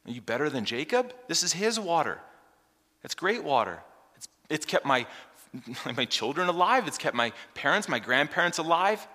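A man's voice: a little high, big pitch swings, normal speed, bright, forceful tone, exaggerated voice. A man voicing a proud, doubtful Samaritan woman at the well, firing off incredulous questions. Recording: long hall reverb.

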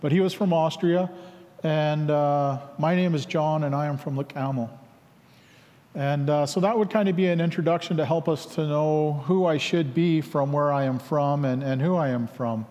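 Man, storytelling talk, reflective and halting, plays both sides of past dialogue, slightly high voice, lingering reverb. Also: a little mellow. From Canada. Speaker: speaker sharing his life story.

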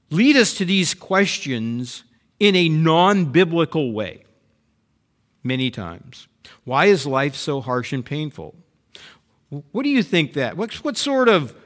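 Lively bright-voiced male preacher. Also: fairly high pitch. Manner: expressive, acts out voiced prayers and complaints. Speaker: pastor. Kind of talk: sermon.

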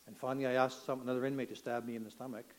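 An older man from Canada telling a personal testimony in an earnest, emotional way, sometimes rising almost to a shout. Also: medium pitch, flat delivery, very fast, rough recording. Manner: earnest, emotional storytelling, rising to near shouts at dramatic moments. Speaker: testimony speaker.

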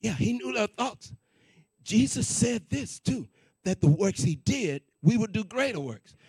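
A male preacher tells his story in an animated, conversational way and keeps repeating his key lines. His voice sits high for a man, with a gravelly, husky texture. The sound is close and dry. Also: unhurried, dry recording. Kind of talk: sermon testimony storytelling.

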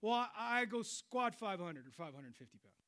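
High, bright-voiced preaching man. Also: normal speed. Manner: animated preaching, swinging between loud exclamations and low quiet stretches. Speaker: pastor. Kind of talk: sermon.

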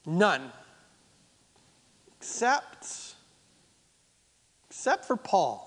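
A man's voice: high-pitched, animated, a little slow, fairly bright tone, in a large hall. A man preaching a sermon as pastor, driving points home by repeating phrases. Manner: emphatic, repeating phrases for effect.

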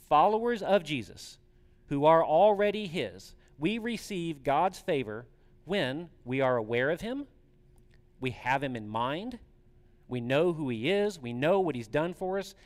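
Man preaching a conversational sermon in a reverberant hall. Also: a little high. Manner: conversational, asks the congregation questions. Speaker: pastor.

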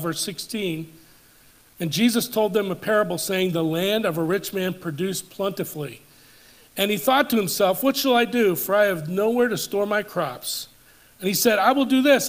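A pastor with a notably high voice delivers a church sermon in a measured, deliberate preaching manner. He slows and drops his voice to drive a point home, then lifts it with force on the climactic scripture. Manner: measured preaching, slowing and dropping for emphasis, rising on climactic scripture. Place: church service.

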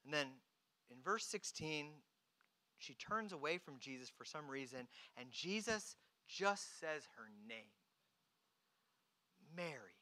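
Bright-voiced dramatic preacher. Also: medium pitch, animated, a little slow. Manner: dramatic, swings between hushed and emphatic. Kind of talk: sermon.

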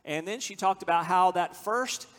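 A man's voice: high-pitched, fairly bright tone. American man preaching in a big hall. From United States. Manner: earnest, emphatic preaching with slow stressed phrases. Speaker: pastor. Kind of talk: sermon. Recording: long hall reverb.

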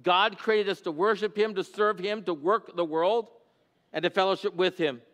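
A male pastor preaching in a church sanctuary, his voice rising and falling as he drives his points home. His tone is smooth and resonant. A long reverb from the large hall hangs behind his words. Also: high-pitched, moderate pace. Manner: animated preacher, voice climbing and dropping for emphasis. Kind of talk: expository sermon.

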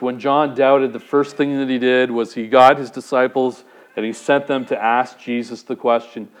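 A man preaching a sermon, speaking conversationally and putting direct questions to the congregation. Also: on the high side. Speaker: pastor.

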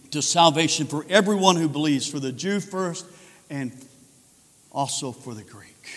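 A man preaching a sermon as pastor of a church, swinging from shouted proclaiming to low, quiet passages. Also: husky, in a large hall. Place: church sanctuary.

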